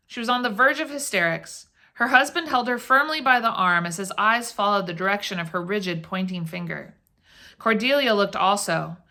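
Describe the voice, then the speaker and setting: A woman reads a ghost story aloud for a library audience, measured and dramatic in her telling. Her voice is bright and crisp. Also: medium pitch. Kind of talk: scripted narration.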